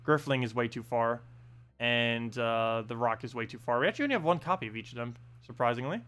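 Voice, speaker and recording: A man's voice: mid-range voice, fairly quick. Easygoing male game streamer thinking aloud. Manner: relaxed thinking aloud with filler words. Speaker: gaming live streamer. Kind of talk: casual gameplay commentary. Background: faint game music.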